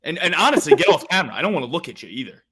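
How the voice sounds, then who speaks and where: A man's voice: a little high, sing-song, racing, bright, forceful tone, husky. A man co-hosting a fight-picks podcast, blunt and mock-angry, swearing as he scolds. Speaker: podcast co-host. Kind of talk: casual fight-picks chat.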